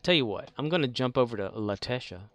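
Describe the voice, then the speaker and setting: Lively-voiced man streaming a game. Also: mid-range voice, fast talker, gravelly, no echo. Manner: chatty, laughs often, reads chat aloud. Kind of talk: casual live-stream chat.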